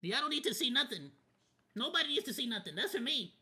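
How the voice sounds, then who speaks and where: Bright-voiced rambling streamer guy. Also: extremely high pitch, very animated, fast talker. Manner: rambling, candid, casually profane. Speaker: VTuber streamer. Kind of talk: casual watch-party commentary.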